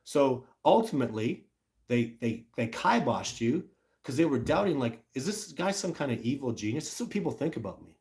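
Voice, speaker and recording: A man's voice: mid-range voice, big pitch swings, moderate pace, darkish tone. A middle-aged man, telling a story on a livestream in a blunt, ranting way. He acts out other people's lines in mocking voices. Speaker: livestream host.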